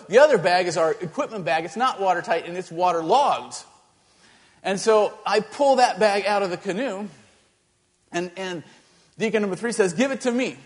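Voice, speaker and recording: A male pastor telling a story in a sermon, animated and halting, with many restarts. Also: sits high, big-room sound.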